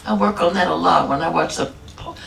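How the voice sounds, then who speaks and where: A woman's voice: lowish voice, gravelly, a bit bright, a little hiss or hum. Emphatic woman preaching in an echoey hall. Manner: humorous, emphatic, drawn-out phrases. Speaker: guest minister. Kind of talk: sermon. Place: church hall. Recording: echoey hall from a distance, faint ambience.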